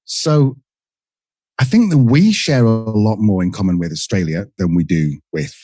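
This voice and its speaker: A middle-aged British man with a low, dark, husky voice chats as a podcast guest. His pitch swings widely as he tells stories and acts out little quoted exchanges, and the dry recording keeps him close. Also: a little slow, no room sound. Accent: British English. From England. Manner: lively storyteller who acts out quoted exchanges. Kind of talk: casual conversational interview.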